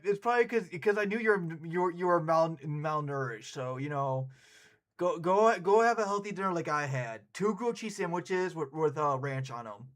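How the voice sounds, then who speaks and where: A man streaming and chatting casually with his viewers, excitable and quick to laugh and swear. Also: high-pitched. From United States.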